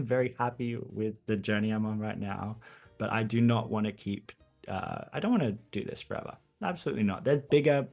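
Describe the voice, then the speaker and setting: A man from England, a guest in a casual interview, talking in an animated way and laughing often. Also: on the low side.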